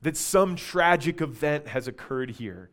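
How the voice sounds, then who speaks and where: A man preaching a sermon, reading scripture dramatically and swinging between loud passages and hushed ones. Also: fairly high pitch, expressive, measured pace.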